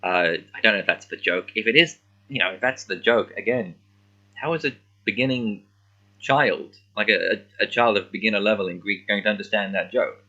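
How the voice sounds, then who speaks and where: A man reading a children's book aloud as a language learner, thinking aloud in a halting, puzzled way and stopping often to work out words. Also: on the low side, sharp tone, dull audio. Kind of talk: casual thinking-aloud readalong.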